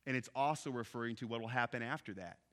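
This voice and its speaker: A man preaching a sermon, expressive, dropping soft on key phrases and rising when animated. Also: mid-range voice, quick pace. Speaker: pastor.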